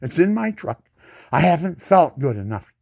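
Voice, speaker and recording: With a dark, creaky tone and a voice on the high side, a disabled veteran in his 70s speaks in a sing-song way at a moderate pace. It's an angry monologue aimed at the camera, indignant and ranting, full of repetition and rhetorical questions.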